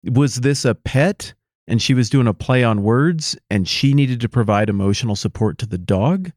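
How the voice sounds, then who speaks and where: A man's voice: mid-range voice, animated, moderate pace, a little mellow, dry recording, studio quality. A man co-hosting a podcast, reacting with joking, incredulous follow-up questions in casual chat. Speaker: podcast co-host.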